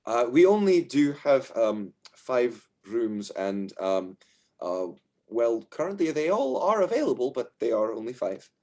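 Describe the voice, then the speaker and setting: Guy playing a gentle dwarf innkeeper, soft and polite. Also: medium pitch, very animated, measured pace, voice pushed up. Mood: hospitable. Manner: soothing, polite. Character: calm apologetic male dwarf innkeeper.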